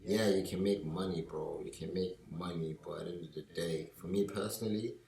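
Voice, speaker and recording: Deep-voiced young man, casual slang. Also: fairly quick, gravelly, heavy background noise. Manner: slangy, animated when acting out friends. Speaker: podcast co-host. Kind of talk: casual chat. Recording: echoey room.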